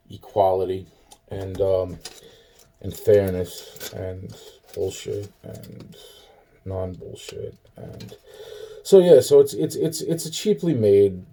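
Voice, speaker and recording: A man's voice: on the low side, mellow. A drunk, tired man rambling profanely into a camera in his kitchen, full of restarts and fillers. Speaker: vlogger. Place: home kitchen, indoors.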